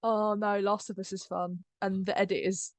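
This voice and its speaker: A woman hosting a casual chat, chatty and quick to laugh. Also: medium pitch, flat delivery, no room sound. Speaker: host and producer.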